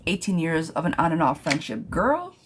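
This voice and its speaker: A woman's voice: low voice, big pitch swings, moderate pace, noisy background. A woman reading tarot live for viewers, chatting casually and laughing often. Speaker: tarot reader.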